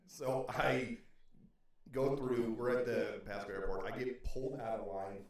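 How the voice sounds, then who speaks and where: A man's voice: medium pitch, steady tone, a little slow, pauses often, distant mic. A man in casual chat, joking and laughing easily. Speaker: podcast co-host. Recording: very echoey room, away from mic.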